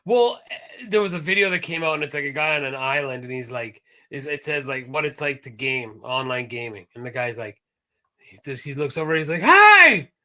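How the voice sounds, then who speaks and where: Man, podcast co-host, casual chat, bright forceful voice, swears freely. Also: medium pitch, a little fast. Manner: animated, loud impressions, swears freely.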